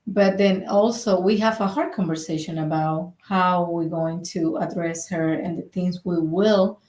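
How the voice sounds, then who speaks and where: A woman's voice: on the low side, steady tone, unhurried, darkish tone, echoey room. A woman from the who speaks English. She hesitates and searches for words in a casual chat. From Dominican Republic. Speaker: vlog co-host.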